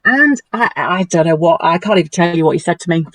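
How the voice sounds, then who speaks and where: Animated woman recounting her story. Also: fast talker, no room sound. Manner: animated and emotional, lively pitch swings. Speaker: guest. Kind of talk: personal storytelling in a conversation.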